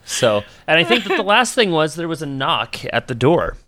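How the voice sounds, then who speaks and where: A man narrating as game master of a tabletop game, relaxed and chuckling, slowing down for descriptions. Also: fairly high pitch.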